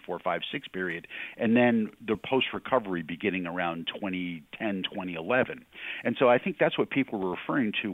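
A man with a very low voice explains housing markets patiently, repeating and stressing the words that matter. He comes through a thin, phone-like line. The sound is dry and close. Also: no echo. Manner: measured, explanatory, emphatic qualifiers. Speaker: real estate research executive, guest. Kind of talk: interview answers.

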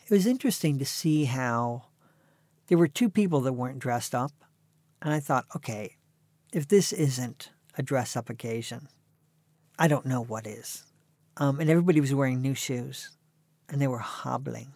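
A man's voice: mid-range voice, normal speed, a little mellow, dry recording. A man in his sixties, an author telling dry, self-mocking stories as a guest in an interview. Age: 60s. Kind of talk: conversational storytelling.

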